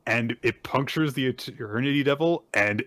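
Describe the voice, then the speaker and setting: A man's voice: medium pitch, moderate pace, fairly bright tone, no echo. A man hosting a laid-back podcast talks through comic chapters in detail, slipping into character lines as he retells them. His voice sits in an ordinary middle range and comes across dry and close, with no room sound. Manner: retells chapters at length, acting out quotes. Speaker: podcast host. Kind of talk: casual manga recap chat.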